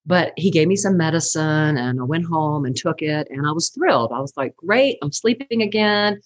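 A middle-aged woman, a counselor and teacher, telling her story in an animated, chatty way during a podcast interview, laughing often. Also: low voice, a little fast, dry recording, rough recording.

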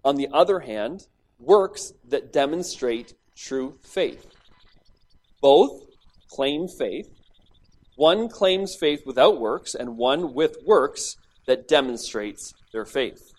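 A man's voice: mid-range voice, animated, slow pace, darkish tone. A man preaching a sermon that teaches on a scripture passage. He speaks emphatically, acts out quoted speech, and often repeats words as he starts a thought.

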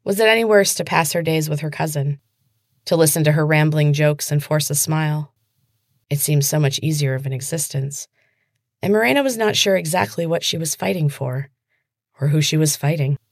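A woman podcast host reading her own fantasy fiction aloud in a measured, even storytelling manner. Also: deep voice, dry recording, clean studio sound. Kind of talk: scripted narration of a fantasy story.

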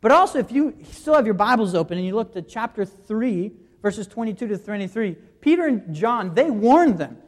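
A preacher in the middle of a sermon, guiding the congregation through scripture verse by verse. The voice sits at an ordinary middle pitch and explains carefully, often stopping to ask rhetorical questions before answering them. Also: very animated, moderate pace, hardly any pauses. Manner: guides listeners through scripture references.

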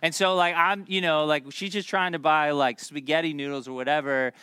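A man in his thirties preaching a sermon, animated and jokey, telling stories with quick asides. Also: fairly high pitch, clean tone, dry recording, studio quality. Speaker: pastor.

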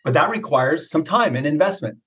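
A man's voice: on the high side, expressive, a little fast, fairly bright tone. A middle-aged man, a mindset coach, talking casually and emphatically, coaching with rhetorical questions. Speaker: mindset coach, podcast guest. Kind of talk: casual motivational talk.

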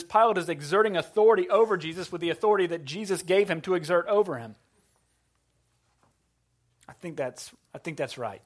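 A middle-aged man who is a pastor preaching a sermon, dramatic, swinging between loud emphasis and hushed, slow passages. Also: a little high.

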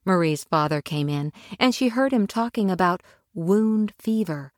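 A woman narrating a children's story aloud with expressive, dramatic delivery. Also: on the low side, measured pace, hardly any pauses, no room sound, studio quality. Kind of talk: storybook reading.

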